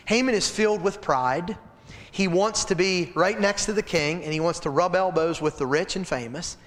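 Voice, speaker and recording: A man with a high, bright-toned voice preaches to a Bible study group and tells the story with lively energy. He keeps turning to his listeners with direct questions. The sound carries a long reverb, as in a church hall. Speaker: pastor leading a Bible study. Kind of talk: midweek Bible study sermon.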